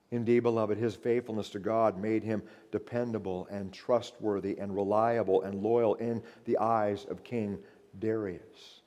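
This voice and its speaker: A man's voice: fairly low pitch, steady tone, unhurried, warm tone. Fervent male preacher in a reverberant hall. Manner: fervent, emphatic, addresses listeners as beloved. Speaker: pastor. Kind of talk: sermon.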